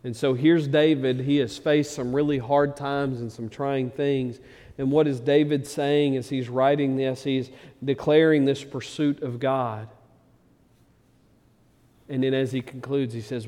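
A man preaching a sermon as pastor, moving from loud emphatic passages to low quiet ones. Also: steady tone, moderate pace, long reverb tail. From Arkansas, USA.

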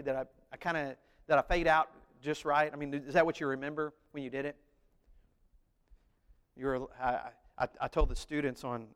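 A man preaching a sermon as pastor, animated, acting out voices and singing short snippets. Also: a little high, clean tone, big-room sound.

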